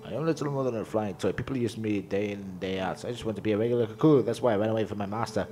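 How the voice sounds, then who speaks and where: A man's voice: lowish voice, rapid-fire, mellow, soft background music, close to an everyday voice. A man reading aloud the lines of a lonely, runaway flying cuckoo bird from a video game, in a plain everyday voice. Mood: wistful.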